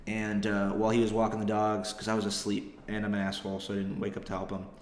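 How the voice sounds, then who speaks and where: This young comedian hosts his podcast and tells a rambling, self-deprecating story laced with profanity, a casual comedic monologue. He talks quickly in a fairly low, monotone voice. The room gives the audio a noticeable echo.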